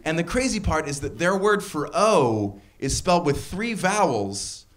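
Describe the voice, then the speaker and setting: A man's voice: fairly high pitch, unhurried. A man performing a stand-up comedy set on a club stage, talking wryly and jumping his voice up for punchlines. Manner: wry and animated, voice jumps up for punchlines.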